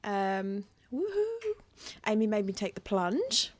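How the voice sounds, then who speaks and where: A woman's voice: mid-range voice, normal speed, crowd noise. A young woman co-hosting a podcast in casual chat, easygoing with a dry, teasing humour. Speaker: podcast co-host.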